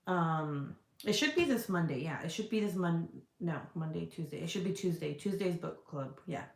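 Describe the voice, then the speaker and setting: Lady chatting on a livestream, lowish voice, swears a lot, echoey room. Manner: chatty and profane, answers viewer comments. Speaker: livestream host selling scented products. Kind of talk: casual livestream chat. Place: indoor room.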